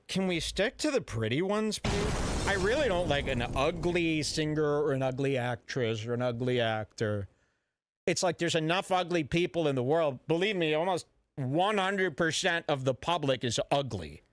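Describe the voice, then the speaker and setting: A man hosting a radio show, ranting in a brash, mock-serious and deliberately offensive way. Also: fairly high pitch, animated, no echo. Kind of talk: provocative comedic talk radio rant.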